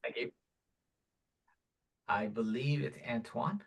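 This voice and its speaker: A man hosting a casual live Q&A over a video call, relaxed and chatty, laughing often. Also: mid-range voice, slow pace. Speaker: webinar host, product support.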